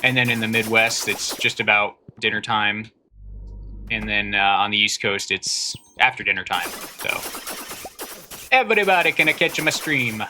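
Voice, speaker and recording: Bright-voiced male streamer chatting casually. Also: on the low side, little pitch movement, normal speed, slight background noise. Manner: chatty, reads and answers chat aloud with dry jokes. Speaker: livestreamer. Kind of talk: casual livestream chat.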